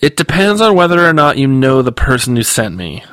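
A man's voice: mid-range voice, big pitch swings, fairly quick, fairly bright tone, no echo, pitched above the performer's own voice. A man reading aloud and voicing a nervous, rambling talking male dog in a storybook. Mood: hesitant. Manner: hesitant and rambling.

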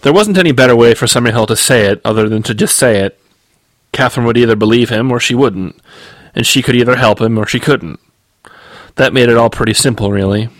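A man, the author, reading his novel aloud in steady, measured audiobook narration. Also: mid-range voice, no echo.

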